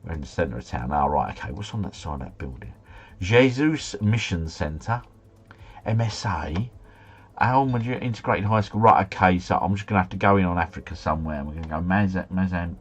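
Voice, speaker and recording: A man's voice: low-pitched, expressive, fairly quick, husky. A man streaming live, chatting casually and muttering asides as he plays a geography guessing game. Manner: chatty, mutters asides, mild swearing, easily flustered.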